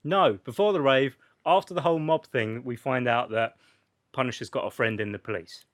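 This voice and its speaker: A man's voice: medium pitch, a little fast, a bit bright. A man co-hosting a podcast, chatting casually about a film with teasing, sardonic remarks and swearing. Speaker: podcast co-host. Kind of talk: casual film review chat.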